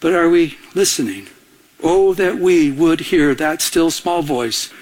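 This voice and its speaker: A male pastor preaching a sermon with a somewhat high voice. He talks in an animated way and slips into the voices of the figures he quotes. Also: slow. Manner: animated, acts out voices of God and Elijah.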